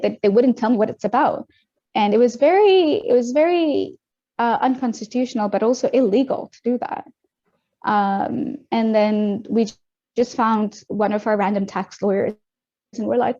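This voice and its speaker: A young adult woman from Australia, a guest telling her story in a casual interview, animated and quick, acting out what others said. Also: medium pitch. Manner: animated, quick retelling with acted-out quotes. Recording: dull lo-fi audio.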